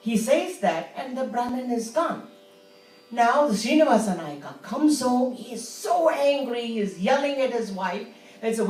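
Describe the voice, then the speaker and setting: A woman tells a devotional story with lively energy, her fairly high voice slipping into the characters as she goes. She is heard from a distance in a roomy temple hall, with faint music behind her. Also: normal speed. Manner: animated, switching into character voices. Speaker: harikatha storyteller. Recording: echoey hall from far off.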